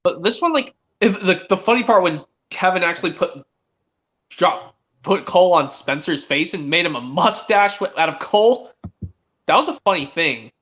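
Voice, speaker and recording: A man's voice: high-pitched, expressive, moderate pace, fairly bright tone, dull audio. A teenage boy streaming a casual chat, rambling with many restarts as he retells cartoon scenes. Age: teens. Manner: rambling, restarts often, quotes characters.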